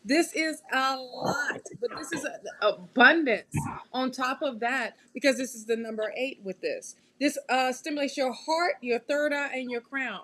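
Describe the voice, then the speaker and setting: A woman hosting a live tarot reading, chatty and quick to laugh, often checking in with her listeners. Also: high-pitched, a bit bright. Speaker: tarot reader and show host.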